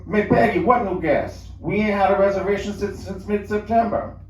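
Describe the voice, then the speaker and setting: A man plays a laid-back young husband with an easygoing, drawling way of talking, pitched high. The voice echoes through a roomy lounge from a distant mic. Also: moderate pace, darkish tone, a little hiss or hum.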